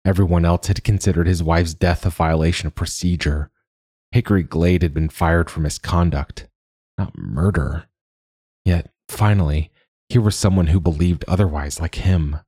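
A man narrating an audiobook in a measured, steady way. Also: sits low, husky, no echo.

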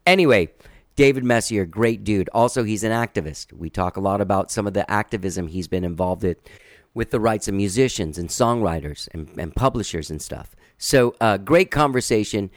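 A man's voice: fairly low pitch, lively intonation, normal speed, no echo, clean studio sound. A man hosting his podcast, chatting casually and rambling with a laid-back drawl before introducing his guest. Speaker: podcast host.

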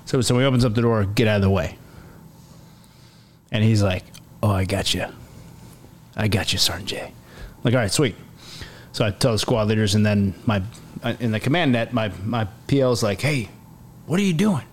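Speaking at a moderate pace with long pauses, this fairly low-voiced man is an army command sergeant major in his forties, a guest on a podcast. In a casual interview he recounts a war story animatedly, acting out quotes amid lots of fillers and restarts, with slight background noise.

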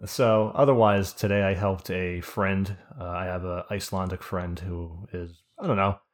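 Guy hosting a podcast, lowish voice, rambly, lots of you know's. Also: fairly even intonation, moderate pace. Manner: rambling storyteller with many fillers. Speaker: podcast host. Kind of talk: casual chat.

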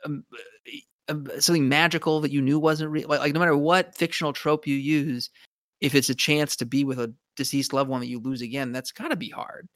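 A man's voice: on the high side, steady tone, brisk, a bit bright, dry recording, studio quality. A man co-hosting a podcast, chatting casually about a TV show in a rambling way with many restarts. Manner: rambling, frequent restarts, laughs often. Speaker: podcast co-host.

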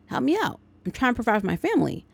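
A woman voicing a desperate young father who begs a friend for help, talking higher and in a rush. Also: wildly swooping pitch, racing, gravelly, breathy edge, heavily acted. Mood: pleading.

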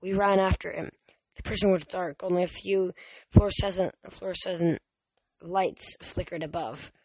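A man's voice: high voice, steady tone, a little slow, a little mellow, no room sound. A man reading a novel aloud as an amateur audiobook, often stumbling and restarting words. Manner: reads with frequent stumbles and restarts. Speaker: reader.

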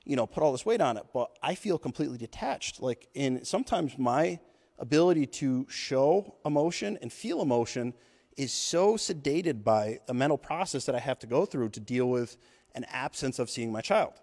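A man's voice: medium pitch, lively intonation, moderate pace, a little mellow. A man in his thirties hosting a podcast, delivering an intense, profane motivational monologue. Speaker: podcast host. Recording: long hall reverb.

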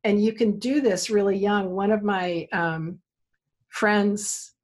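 Husky-voiced woman telling a parenting story. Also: mid-range voice, takes it slowly. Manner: animated storyteller, acts out quoted dialogue. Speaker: therapist for kids, interview guest. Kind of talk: conversational interview, storytelling.

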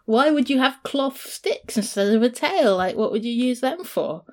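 A woman's voice: a little high, expressive, normal speed, voice pushed up, close to an everyday voice. A woman voicing a curious young mermaid girl who sounds eager and amazed. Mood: puzzled.

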